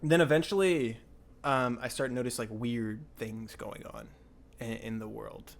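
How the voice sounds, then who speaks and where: A young man hosting a podcast, telling a story in a rambling, excitable way with lots of filler words. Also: medium pitch, moderate pace, gravelly, a little hiss or hum. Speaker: podcast host. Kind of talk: casual storytelling chat.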